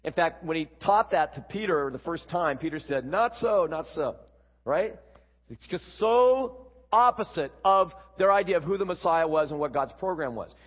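A man preaching a sermon, explaining a Bible passage with quick asides. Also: on the high side, animated. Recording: dull, echoey hall.

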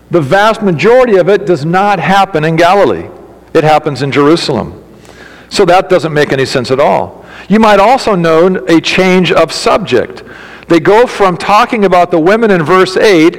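Male pastor, high voice, emphatic sermon delivery with direct questions, long reverb in the hall. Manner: emphatic, addresses congregation directly with questions and humor.

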